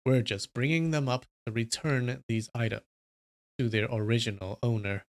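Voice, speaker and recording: A man reading a wuxia novel aloud on a livestream, voicing a smooth male envoy from a rival sect in low, soft, ingratiating tones. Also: fairly even intonation, moderate pace, natural voice.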